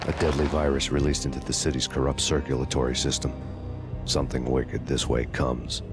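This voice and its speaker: An actor playing a weary, hard-boiled male cop in gritty noir voice-over, flat and gruff. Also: a bass voice, fairly quick, over music. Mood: brooding. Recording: game cutscene clip under loud score.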